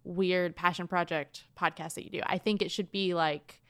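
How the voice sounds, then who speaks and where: Low-voiced woman in casual podcast chat. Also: steady tone, normal speed, no room sound. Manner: loose, sprinkled with "like" and swearing. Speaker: podcast co-host.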